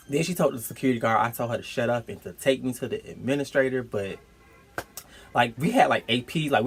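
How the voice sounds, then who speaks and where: Young man, storytime vlog, casual slangy storytelling, animated delivery, faint music behind. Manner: animated, slangy, jumps into high-pitched quoted outbursts. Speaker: storytime vlogger.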